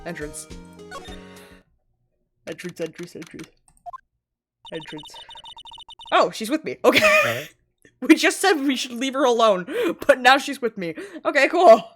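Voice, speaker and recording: A woman's voice: fairly high pitch, huge pitch swings, unhurried, pauses often, faint music behind. Offhand, cursing woman streamer. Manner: swearing, laughing, offhand. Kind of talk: casual let's-play commentary.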